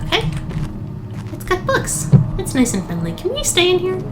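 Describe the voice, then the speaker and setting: A woman co-hosting a let's play, chatting casually and reading in-game notes aloud in a slow, solemn voice. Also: very high-pitched, huge pitch swings, loud music behind the voice. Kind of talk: casual gameplay chat and read-aloud.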